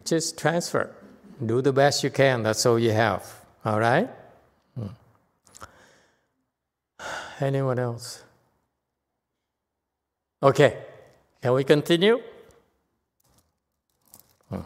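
Man, buddhist teacher, playful, laughs a lot, slow delivery, reverberant hall. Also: mid-range voice, lively intonation, darkish tone. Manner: playful, laughs often between points. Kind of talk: teaching a sutra class.

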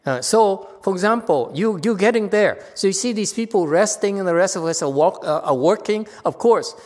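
A man's voice: high voice, expressive, moderate pace, darkish tone. A man giving a dharma talk as a Chan master, stern yet teasing, laughing at his own jokes. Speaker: Chan master teaching students. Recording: long reverb of a hall.

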